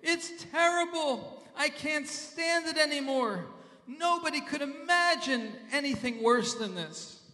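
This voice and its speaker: A man's voice: extremely high pitch, expressive, measured pace, sharp tone, voice pushed up, heavily acted. A man voicing a grumbling man trudging through a blizzard, complaining in a whiny, exasperated way. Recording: long reverb in a large hall.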